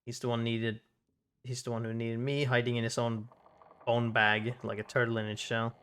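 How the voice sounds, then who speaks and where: A man's voice: medium pitch, flat delivery, normal speed, a bit bright, clean tone, natural voice. A man voicing a fierce, taunting female spirit, reading game dialogue without an accent.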